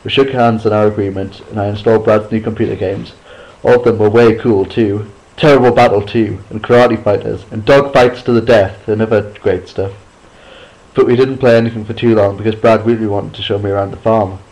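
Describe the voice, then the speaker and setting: A man reading a chapter book aloud at a steady pace, sometimes restarting a line after a slip. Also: on the low side, a little fast, low-quality recording. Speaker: reader. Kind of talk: amateur audiobook reading.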